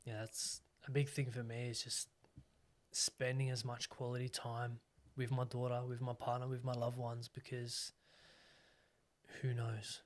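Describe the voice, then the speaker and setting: Young guy hosting, soft and kinda flat, reflective. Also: mid-range voice, measured pace, a little hiss or hum. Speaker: podcast host. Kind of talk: casual interview talk.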